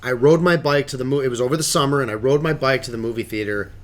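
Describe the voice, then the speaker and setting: A man co-hosting a casual podcast chat, telling movie stories with big playful jumps in his voice. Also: fast talker. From Illinois, USA. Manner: animated storyteller, jumps pitch when joking. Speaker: podcast co-host.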